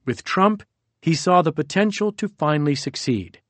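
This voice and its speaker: Man, audiobook narrator, slightly higher-pitched voice, dry close sound, measured steady delivery. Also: no room sound.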